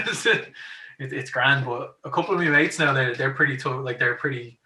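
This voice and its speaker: A man's voice: medium pitch, normal speed, bright, forceful tone. Chatty Irish man in an echoey room. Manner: chatty, laughs often, acts out quotes. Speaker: podcast host. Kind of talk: casual chat, telling stories. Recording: echoey room, mic at a distance.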